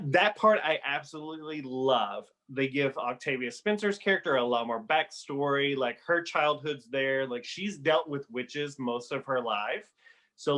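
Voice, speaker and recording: A man's voice: medium pitch, a bit bright. A podcast host, a man, chatting casually and giving opinionated reviews with plenty of fillers. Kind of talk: casual chat.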